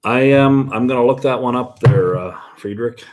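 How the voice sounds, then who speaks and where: A man's voice: medium pitch, moderate pace. A man, chatting casually on his whisky vlog and answering viewer comments, rambling and often correcting himself. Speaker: whisky vlogger.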